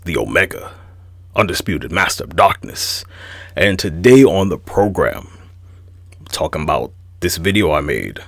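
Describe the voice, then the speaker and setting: A low-voiced man ranting incredulously. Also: no room sound. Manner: profane, animated, incredulous. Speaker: host. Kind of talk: casual commentary rant.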